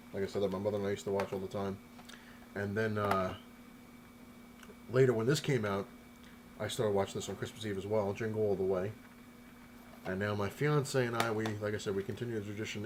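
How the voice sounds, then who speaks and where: A man's voice: lowish voice, background noise. A man talking casually to the camera at home, loose and chatty, often repeating himself as he rambles through his vlog. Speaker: collector vlogger showing his haul. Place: apartment at home.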